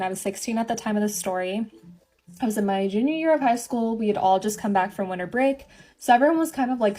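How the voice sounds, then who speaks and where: A young woman chatting through a get-ready-with-me storytime, with quick asides. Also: mid-range voice, darkish tone. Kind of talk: casual storytime while doing makeup.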